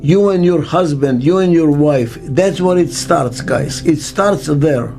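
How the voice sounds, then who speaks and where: An older man with a Hebrew mother tongue, a business consultant speaking in an interview, slow and emphatic, repeating his key words. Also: fairly high pitch, warm tone, faint music behind. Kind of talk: interview monologue.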